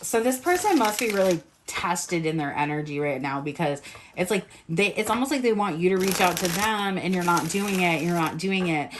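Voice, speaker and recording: A woman with a New England accent doing a casual tarot reading to camera, animated, acting out the lines she imagines people saying and swearing freely. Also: lowish voice, normal speed, background noise. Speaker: tarot reader.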